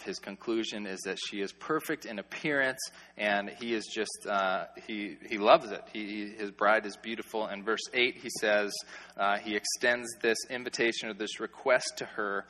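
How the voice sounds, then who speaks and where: A man gives a casual, animated sermon, joking with his listeners as he walks through Bible verses. His voice is bright and forceful, and it rings out with a long reverb in a large hall. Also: on the low side, moderate pace. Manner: animated, joking, conversational with filler "like". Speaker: pastor or youth preacher. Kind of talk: sermon, expository Bible teaching.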